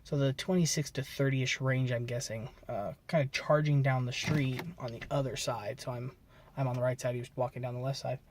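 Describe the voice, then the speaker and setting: A man's voice: medium pitch, steady tone, brisk, slight background noise. A man vlogging, telling a story in a rambling, conversational way and often correcting himself. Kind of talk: casual storytelling to camera.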